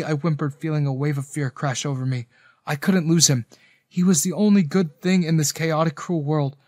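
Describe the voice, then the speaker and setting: A man's voice: on the high side, steady tone, moderate pace, a little mellow, no room sound, studio quality. A man narrating a romance story in the first person, earnest and dramatic.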